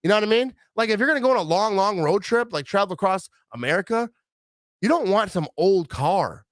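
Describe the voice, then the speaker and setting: A man's voice: sits high, a little fast, no room sound, clean studio sound. A middle-aged man from Wisconsin rambling casually in a vlog, acting out what others said. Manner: rambling, animated, acts out quoted voices. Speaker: vlogger.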